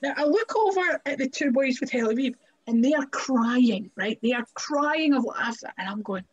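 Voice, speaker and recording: Scottish woman, podcast guest; lively anecdotal chatter, fairly high pitch, dull lo-fi recording. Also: moderate pace, breathy edge. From Scotland. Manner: chatty, animated, laughs often, fills with "like" and "right?". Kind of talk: casual storytelling interview. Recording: muffled lo-fi audio.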